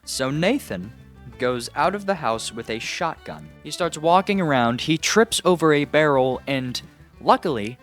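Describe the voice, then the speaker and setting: A man recapping a film in a casual, exasperated and sarcastic way, often pausing to ask "okay?". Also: mid-range voice, fairly bright tone, faint music behind. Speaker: movie reviewer.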